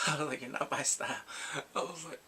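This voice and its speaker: A man recapping a drama episode in a casual, excited way, acting out the characters' lines and his own reactions. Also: a little high, moderate pace, a little hiss or hum. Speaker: drama reviewer.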